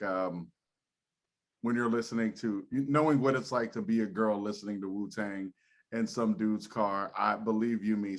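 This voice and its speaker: A man guesting on a podcast, talking casually with blunt, profane teasing. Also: lowish voice. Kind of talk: casual chat.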